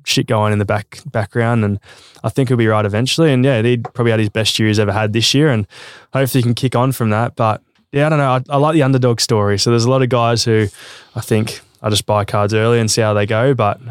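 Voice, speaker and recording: Young Aussie man as a podcast guest, laid-back and rambling, quick pace, dry close mic. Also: on the low side, clear, resonant tone, dry recording. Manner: relaxed and rambling, lots of fillers. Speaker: guest athlete. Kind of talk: casual chat.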